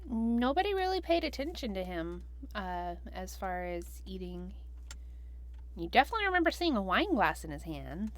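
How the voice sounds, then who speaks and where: A woman running a tabletop game as game master, describing the scene with relaxed, dry jokes. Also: medium pitch, normal speed.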